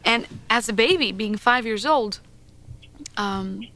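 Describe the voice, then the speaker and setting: A woman singer in an interview clip, telling a story with lively, animated pacing. Her voice sits a little higher than most women's. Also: takes it slowly.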